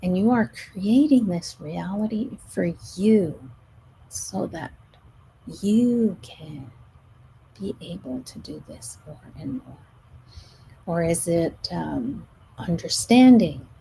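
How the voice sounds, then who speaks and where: A middle-aged woman coaching her listeners in a slow, unhurried way, her voice low, gravelly and mellow. She speaks gently and now and then sinks almost to a whisper. A faint hiss sits behind her. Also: expressive, rough recording. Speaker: stress management coach. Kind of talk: live show monologue.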